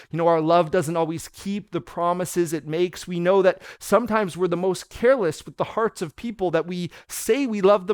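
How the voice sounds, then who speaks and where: A man in his thirties giving a sermon as pastor, telling stories earnestly and dropping softer and slower for tender quoted words. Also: sits high, dry recording, clean studio sound. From Canada. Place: church.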